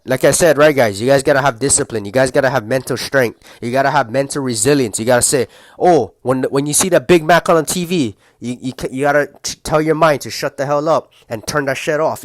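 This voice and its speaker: A young man with a slightly high voice rants in a casual, profane way about giving up junk food. He rambles and gets fired up. The sound is close and dry, with no room echo. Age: young adult. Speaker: motivational vlogger. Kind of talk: casual motivational rant.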